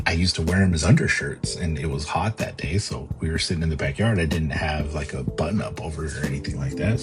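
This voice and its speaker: A young man telling a personal story as a vlogger, halting and repeating himself with many fillers. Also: rumbling low. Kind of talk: storytelling monologue.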